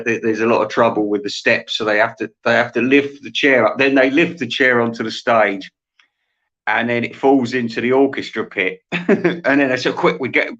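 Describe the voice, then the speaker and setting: A man's voice: mid-range voice, fairly bright tone. A man host rambling through a satirical comic monologue, laughing at his own jokes. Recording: dull lo-fi sound.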